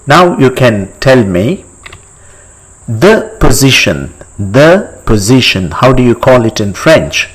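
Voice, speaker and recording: A man teaching a step-by-step language lesson, repeating each word slowly and quizzing the listener. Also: mid-range voice, big pitch swings, slightly rough, rough recording. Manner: slow, deliberate, repeats each word for practice; asks the listener questions and pauses for answers.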